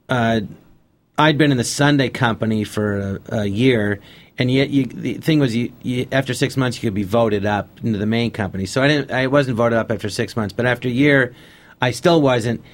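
A man of ordinary pitch chats in a radio studio as a guest comedian. He rambles through anecdotes and slips into the voices of people he quotes. His talk stays loose and conversational. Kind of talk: casual storytelling on a radio interview.

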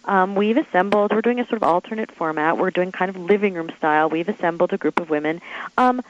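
A woman author being interviewed, telling stories in an animated, chatty way with quick asides and acted-out quotes. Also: on the low side, highs cut off. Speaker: author guest. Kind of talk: interview storytelling.

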